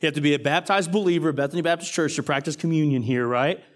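A man's voice: a little high, fast talker. A man preaching a conversational sermon, reading scripture and joking with the congregation. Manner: joking, animated, talks straight to the congregation. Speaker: pastor.

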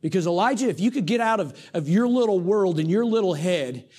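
High-voiced man preaching dramatically. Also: expressive, brisk, slightly rough. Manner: dramatic storytelling, swinging between hushed and loud. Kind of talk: sermon.

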